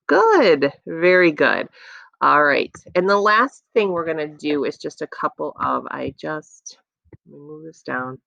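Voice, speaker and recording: A woman teaching young children a phonics lesson, patiently encouraging them and sounding out letters slowly, recorded on a dull lo-fi setup. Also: sits low, vocal fry, fairly bright tone, no echo. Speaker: elementary school teacher.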